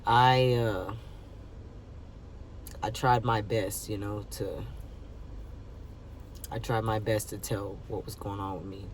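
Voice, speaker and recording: A man telling a personal story on his vlog in a halting, emotional way, with many fillers and restarts. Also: lowish voice, fairly even intonation, distant mic, slight background noise. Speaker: vlogger.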